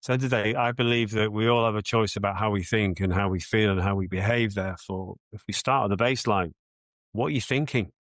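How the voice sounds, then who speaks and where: A British man with a fairly low voice answers interview questions as a mindset coach. He talks earnestly and reflectively, restarting phrases as he thinks. The sound is dry and close. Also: fairly quick, a bit bright, no echo.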